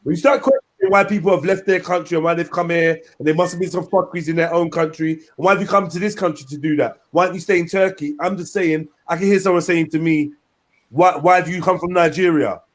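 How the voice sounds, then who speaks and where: A man hosting a live panel with a high-pitched voice. He talks in quick street slang and cuts in on the others, animated throughout. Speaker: host. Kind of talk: casual panel chat.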